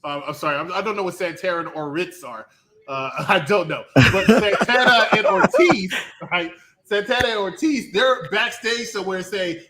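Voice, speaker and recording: A man hosting a casual wrestling review show, loud and mocking, often mimicking others in a high voice. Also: animated, moderate pace, poor audio. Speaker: show host.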